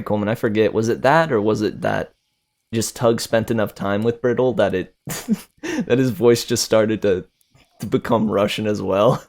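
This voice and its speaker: A male streamer and voice actor chatting casually with viewers, relaxed and slangy, laughing often. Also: fairly low pitch, creaky.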